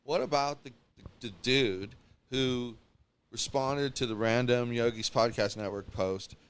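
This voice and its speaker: Male podcast co-host, mid-pitched, animated, ranting about people in casual chat. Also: unhurried, slight background noise. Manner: animated, ranting, mocking quotes.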